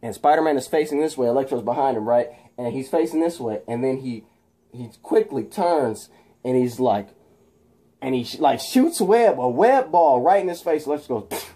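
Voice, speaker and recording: A man casually retelling a movie fight scene, animated and shouting sound effects, with many fillers. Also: medium pitch, moderate pace. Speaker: video host recapping a film.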